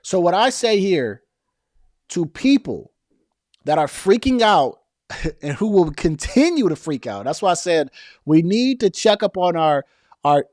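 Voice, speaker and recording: A man's voice: fairly high pitch, darkish tone, no room sound, studio quality. A man hosting a casual political commentary stream, reading viewer comments and talking loosely with slang, frequent restarts and repeated words.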